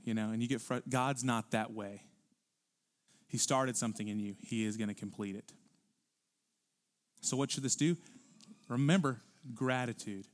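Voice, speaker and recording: A male pastor preaching a sermon in a church, animated, rising to loud emphatic peaks and dropping to quiet low asides. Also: moderate pace, pauses often. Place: church sanctuary.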